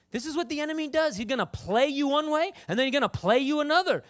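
A woman preacher delivers a sermon in a conversational, animated style, frequently acting out the voices of the people in her stories. Her voice sits high, and she talks fast with few pauses.

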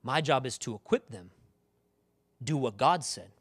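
A middle-aged male pastor preaching a lively sermon, often calling out to the congregation for a response. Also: medium pitch, unhurried, no echo. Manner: animated, calls out to the congregation.

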